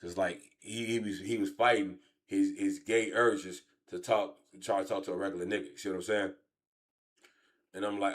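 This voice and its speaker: A man's voice: steady tone, moderate pace. Profane rambling man in his late thirties. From Chicago. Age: late 30s. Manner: profane, rambling, swings from low mutter to loud shouts. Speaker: streamer. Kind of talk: casual streamed storytelling rant.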